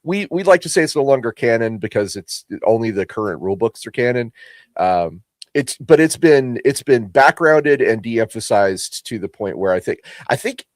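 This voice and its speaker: A man's voice: mid-range voice, expressive, no room sound. Guy hosting a lore stream, stumbles and restarts a lot, dry close sound. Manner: halting, repeats words, reads chat aloud. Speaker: host. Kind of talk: casual livestream chat.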